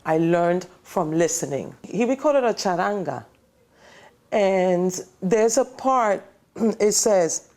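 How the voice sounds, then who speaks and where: A woman's voice: mid-range voice, slow. A woman singer in a documentary interview, speaking animatedly and singing bits of lyrics. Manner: animated, sings lyric snippets while explaining. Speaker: singer, daughter of a singer.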